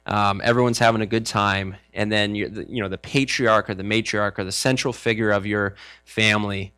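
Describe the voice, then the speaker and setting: A man's voice: on the low side, fairly even intonation, fairly quick, sharp tone, clear, resonant tone. A man preaching a sermon, reading scripture and explaining it in a conversational way, sometimes acting out the disciples' voices. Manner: frequent fillers and restarts. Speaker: pastor.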